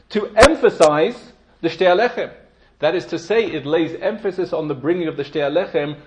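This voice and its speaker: A man delivers a Torah lecture at a medium pitch, measured and explanatory, with sudden emphatic stresses. The sound is slightly dull and lo-fi. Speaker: Torah teacher.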